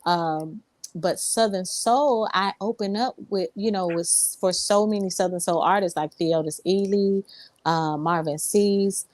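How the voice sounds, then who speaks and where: A woman's voice: mid-range voice, a little slow, darkish tone. A woman singer, a guest in an interview, telling her story in a rambling way, full of ums and restarts. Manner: rambling, many fillers and restarts. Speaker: Southern soul singer, guest.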